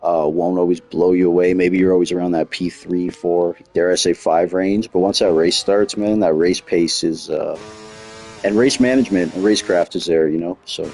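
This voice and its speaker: A man's voice: deep voice, fairly even intonation, normal speed, creaky, a little mellow. A man leading commentary on an online racing league, chatting with his co-commentator and joking about driver nicknames. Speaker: lead commentator.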